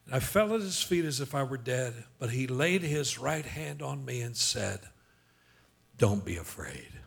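A male pastor preaching a sermon, slowing down to read scripture dramatically and calling on the congregation to repeat after him. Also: mid-range voice, creaky. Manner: emphatic preaching, calls on the congregation to repeat lines; slows for dramatic scripture reading.

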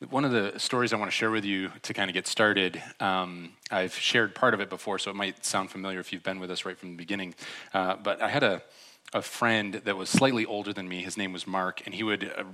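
A man preaching in a casual, joking style, his bright voice trailing through easy "um"s and "uh"s. He delivers his sermon like a story told among friends. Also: deep voice. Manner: casual, humorous, with filler words. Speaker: pastor.

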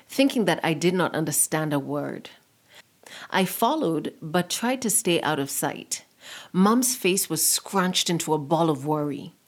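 A woman narrating a story in a measured, expressive way. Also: on the low side.

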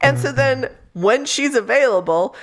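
Profane, animated woman reviewing a book. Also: high-pitched, unhurried. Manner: animated, profane, acts out characters' lines. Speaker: podcast co-host. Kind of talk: casual book review chat.

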